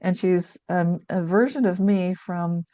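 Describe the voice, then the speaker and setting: An older woman speaks in a low, mellow voice, recounting a personal story in an earnest, reflective way. She often restarts her sentences mid-thought. The dry sound is dull and lo-fi. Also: unhurried, no echo. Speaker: guest author. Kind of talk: conversational storytelling.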